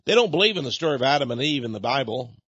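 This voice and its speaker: Husky-voiced male radio host. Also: mid-range voice, very animated, racing, fairly bright tone, no echo, dull audio. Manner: emphatic, mocking storytelling. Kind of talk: monologue.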